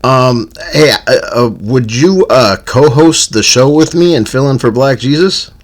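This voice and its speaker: A man's voice: medium pitch, measured pace. A man hosting a comedy podcast, hesitant and stammering, cracking jokes as he talks. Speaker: podcast host.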